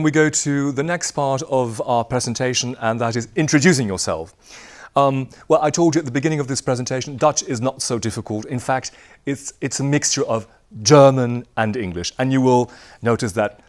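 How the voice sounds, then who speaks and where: A man teaching a lively language crash course, playful and laughing often, repeating words for the class to echo. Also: mid-range voice, normal speed. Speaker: Dutch language instructor.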